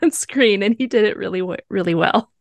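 A woman co-hosting a film review podcast in casual chat, animated and laughing often. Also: medium pitch, fairly quick, gravelly, no room sound.

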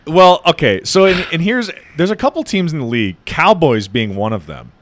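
A man chatting casually about sports, animated and teasing. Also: fairly high pitch, normal speed, no room sound.

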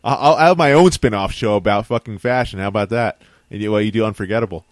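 Young man, podcast co-host, defensive banter, swears, low voice, dry close sound. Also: quick pace, no echo. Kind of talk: casual chat.

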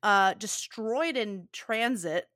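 Bright-voiced chatty woman podcaster. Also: mid-range voice, slow, no room sound, studio quality. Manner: chatty, laughs often. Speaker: podcast co-host. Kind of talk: casual chat.

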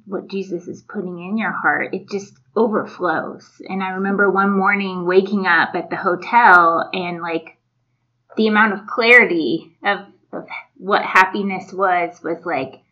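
Woman telling a faith story real slow, kinda muffled lo-fi audio. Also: mid-range voice, fairly even intonation. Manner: reflective storytelling with soft laughs. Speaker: podcast co-host. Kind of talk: casual faith chat.

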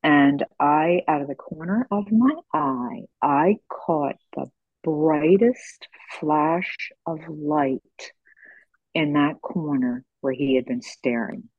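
A woman in her sixties, hosting a podcast, who tells stories in a gentle, unhurried way. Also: low voice, expressive, creaky, no echo. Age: 60s. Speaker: podcast host. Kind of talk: conversational storytelling. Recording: slightly dull lo-fi sound.

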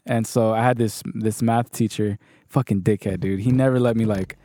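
A man's voice: on the low side, fairly even intonation, normal speed, mellow, no echo. A man casually telling a story on a podcast, rambling and swearing freely.

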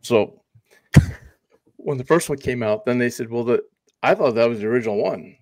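A man's voice: medium pitch, normal speed, a little mellow, no echo. An older man co-hosting a podcast in casual chat, folksy and wandering as he recalls things.

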